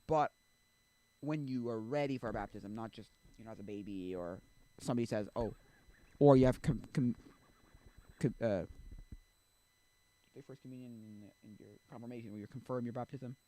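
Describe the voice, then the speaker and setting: A man's voice: medium pitch, moderate pace, pauses often. A man streaming, talking casually about faith in a rambling way, often stopping and restarting his sentences and acting out quotes with sudden lift. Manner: rambling, self-interrupting, many fillers; animated when acting out quotes.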